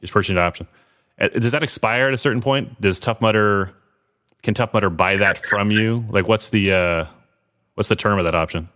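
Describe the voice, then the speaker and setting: Deep-voiced chatty male podcast host. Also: a little fast, fairly bright tone, no room sound, clean studio sound. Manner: chatty, loose, trails off and restarts. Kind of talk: casual podcast interview.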